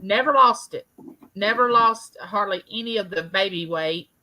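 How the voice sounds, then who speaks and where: A woman's voice: mid-range voice, moderate pace, sharp tone, low-quality recording. A woman co-hosting a casual livestream chat, friendly and responsive to guests.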